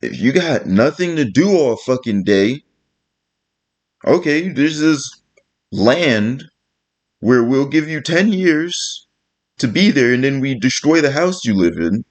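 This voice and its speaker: A man's voice: medium pitch, sing-song, takes it slowly, long pauses. A man delivering a blunt, profane, exasperated rant to camera as a vlogger. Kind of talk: ranting vlog monologue.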